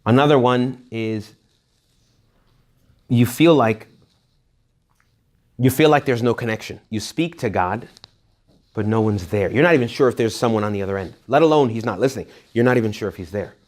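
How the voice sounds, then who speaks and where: A man's voice: medium pitch, normal speed, pauses often, a little mellow. A man giving a retreat talk to young adults, speaking conversationally, joking and often checking in with his listeners. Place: retreat hall.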